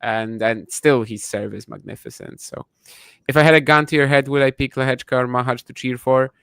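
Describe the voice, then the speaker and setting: A man's voice: mid-range voice, steady tone, fairly quick, fairly bright tone, smooth, no echo. A man co-hosting a podcast, chatting casually and thinking aloud with frequent restarts. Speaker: podcast co-host. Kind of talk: casual chat.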